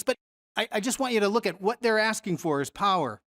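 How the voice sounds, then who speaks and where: A Bible teacher leading a Bible study lesson in a relaxed, conversational way, often stopping to put questions to the listeners. The voice sits at an ordinary middle pitch. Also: brisk. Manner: conversational, asks the audience questions.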